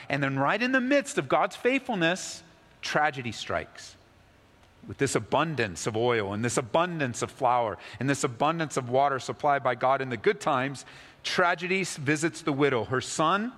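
A male pastor giving an animated sermon, reading scripture and teaching with emphatic, rising delivery. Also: long reverb tail. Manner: animated preaching, voice rising high when acting out the widow's excitement.

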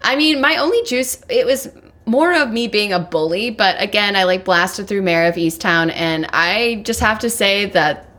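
A woman's voice: mid-range voice, pushed and bright. Giggly, rambling woman co-host. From American South. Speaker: podcast co-host. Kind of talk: casual chat.

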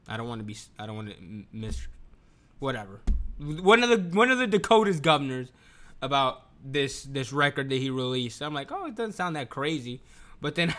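A man's voice: medium pitch, bright, forceful tone. A man chatting to his viewers in a loose, profane, rambling rant, often restarting his sentences. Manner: rambling, profane, keeps restarting, bursts into laughter. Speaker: video commentator.

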